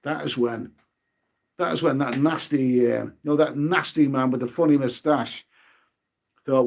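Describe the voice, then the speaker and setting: A man's voice: medium pitch, fairly even intonation, a little slow, creaky, long pauses. Rambling man chatting on a live stream. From United Kingdom. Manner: rambling, repeats words and phrases, many fillers. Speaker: travel vlogger hosting a live stream. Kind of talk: casual live-stream chat.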